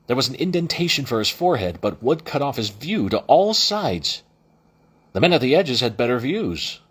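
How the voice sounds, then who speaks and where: A man's voice: mid-range voice, big pitch swings, normal speed, husky. A man reading a novel aloud as an amateur audiobook narrator, with frequent restarts and self-corrections. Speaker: audiobook reader.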